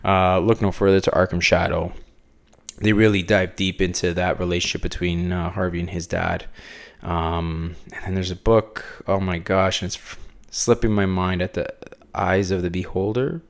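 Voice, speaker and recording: A man's voice: low voice, little pitch movement, moderate pace, creaky. A man hosting a casual comic book review podcast, rambling with many fillers and restarts. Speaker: podcast host.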